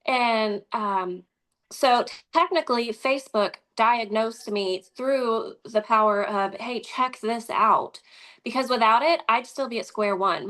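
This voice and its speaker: Animated Midwestern woman telling her story. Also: medium pitch. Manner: animated, acts out quoted dialogue. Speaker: interview guest. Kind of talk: conversational storytelling.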